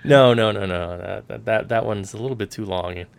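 A man co-hosts a podcast in a relaxed, rambling way, his casual chat packed with fillers. His voice is on the low side and creaky, and he talks a little fast.

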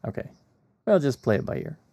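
A man co-hosting a film podcast, talking in a relaxed, rambling way with lots of fillers. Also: mid-range voice, a little fast, no room sound. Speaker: podcast co-host. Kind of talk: casual podcast chat. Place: Hong Kong.

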